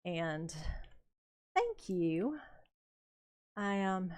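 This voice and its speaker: An older woman streaming a building game, telling rambling, unhurried stories about her youth with plenty of fillers and chuckles. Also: on the low side, big pitch swings, darkish tone, clean tone. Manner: rambling, unhurried anecdotes with frequent fillers and laughs. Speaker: gaming streamer. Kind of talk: casual storytelling while building in a game.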